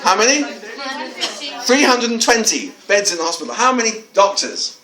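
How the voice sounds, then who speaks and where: A man's voice: high-pitched, sing-song, moderate pace, a crowd in the background. A man from England, giving a jokey workshop talk as a teacher trainer and coaxing answers from his audience. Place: large hall with an audience. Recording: echoey hall, voice from a distance.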